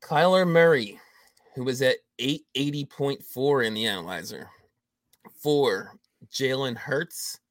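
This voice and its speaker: A man's voice: mid-range voice, unhurried, dry recording. A man hosting a fantasy football trade quiz on a casual podcast, reading out values and laughing often. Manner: reads out numbers, laughs often. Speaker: host running a trade quiz.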